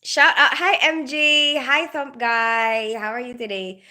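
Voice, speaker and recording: A middle-aged woman chats casually on a livestream and laughs easily. She talks slowly, and her somewhat high voice is bright and lively as she greets viewers by name. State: just woke up after night shifts. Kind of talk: casual live-stream chat.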